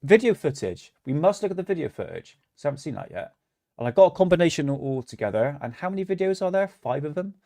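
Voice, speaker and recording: A man's voice: on the high side, very animated, quick pace, creaky, warm tone, no echo, studio quality. A man hosting a casual livestream, talking bluntly and ranting, swearing freely. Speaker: livestream host.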